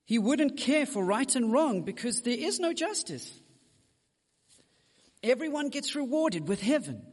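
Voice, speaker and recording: This man's very high voice swings widely in pitch as he preaches a sermon a little slowly, with a long reverb tail. He speaks directly to his congregation, dropping frank asides along the way.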